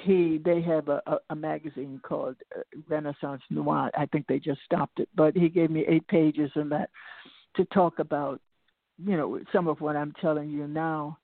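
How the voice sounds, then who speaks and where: An older woman with a low, gravelly, textured voice speaks as an interview guest; she is a singer and lecturer. Her reflective storytelling moves at a moderate pace with a steady tone, drifting onto side paths and restarting before circling back. The sound is tinny and phone-like, dry and close, with no echo.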